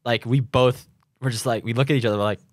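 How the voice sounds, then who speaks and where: A man's voice: medium pitch, fairly even intonation, fast talker, no echo, studio quality. A young man, a professional triathlete, chatting loosely in an interview, full of restarts and fillers. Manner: rambling, many restarts and fillers, laughs at his own stories. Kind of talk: casual conversational interview. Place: home in Boulder.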